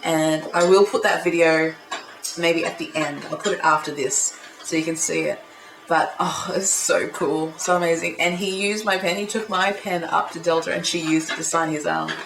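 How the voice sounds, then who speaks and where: An excitable young woman gushes through a casual vlog at home, her low voice slipping into gravelly fry. The room is echoey, with a faint hiss underneath. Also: normal speed. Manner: gushing, excitable fan talk with many fillers. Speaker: vlogger. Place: indoors at home.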